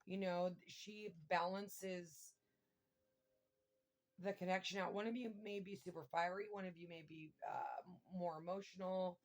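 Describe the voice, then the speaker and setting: A woman giving a casual tarot reading, thinking aloud and breaking into excited exclamations and mild swearing. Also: lowish voice, unhurried. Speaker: tarot reader.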